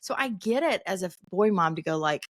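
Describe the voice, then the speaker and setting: A woman's voice: lowish voice, expressive, brisk. A woman in her forties, a podcast guest in casual chat, talking chattily and often quoting herself with a laugh.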